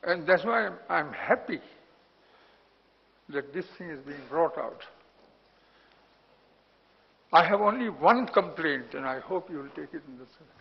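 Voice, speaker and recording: An older man with an Indian accent speaks bluntly at a launch event, his voice gravelly and husky. His pitch sits on the high side. The sound is dull and rings with long hall reverb. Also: lively intonation, moderate pace. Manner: blunt, grows loud when indignant. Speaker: former national security adviser, speaker. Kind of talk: speech at a report launch. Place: large hotel hall.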